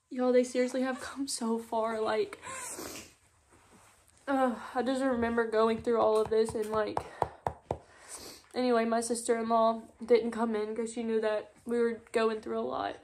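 A woman's voice: a little high, steady tone, vocal fry, a little hiss or hum. Tearful young mother. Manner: tearful, halting, many "like" fillers. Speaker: mother vlogger. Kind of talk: emotional personal storytelling. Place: at home on a couch.

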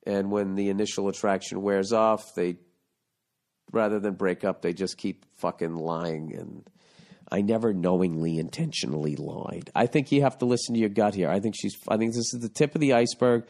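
A man's voice: fairly low pitch, moderate pace, a little mellow. A man hosting a podcast, reading listener letters aloud and giving profane, exasperated comedic advice. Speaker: podcast host.

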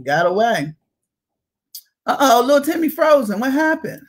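A woman's voice: sits high, moderate pace. A woman co-hosting a comedy chat over a video call, telling raunchy stories with big laughs and acted-out voices. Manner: animated, laughing, acts out other people. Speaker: comedy show co-host. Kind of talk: raunchy comic storytelling.

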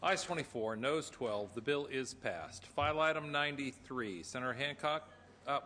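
A man presiding over a senate floor session, running the procedure in brisk, formulaic phrases. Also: mid-range voice, pushed and bright, a little hiss or hum. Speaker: presiding officer of a state senate. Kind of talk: formal parliamentary procedure. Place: large legislative chamber. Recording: chamber broadcast with long reverb.

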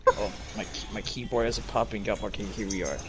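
A young man joking and making quick callouts while gaming with friends. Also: fairly low pitch, background noise. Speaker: gamer in voice chat. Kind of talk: casual gaming banter.

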